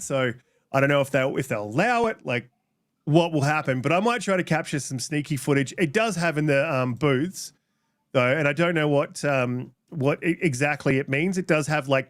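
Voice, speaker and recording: A man hosting a casual podcast, rambling with lots of ums and teasing banter. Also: medium pitch. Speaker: podcast host. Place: home room.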